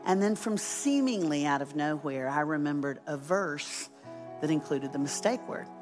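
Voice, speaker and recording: A woman's voice: deep voice, lively intonation, normal speed, music in the background. A woman preaching as a guest speaker, telling a story with humor, poking fun at herself and acting out what people said. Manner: humorous, self-deprecating storyteller who acts out quotes. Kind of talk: storytelling sermon.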